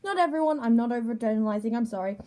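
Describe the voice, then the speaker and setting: A woman reading a comedy roast aloud in a stilted, over-enunciated way, with slow, awkward pauses. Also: on the high side, animated, mellow. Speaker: younger self in an old video clip.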